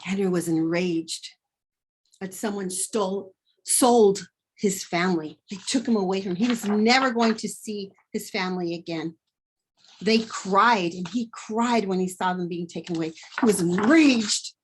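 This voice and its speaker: A woman's voice: medium pitch, slight background noise. A woman teacher modeling a vocabulary lesson, acting out feelings in her examples and then explaining her method. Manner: expressive, acts out emotions in examples, slow deliberate delivery. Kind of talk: teacher demonstration.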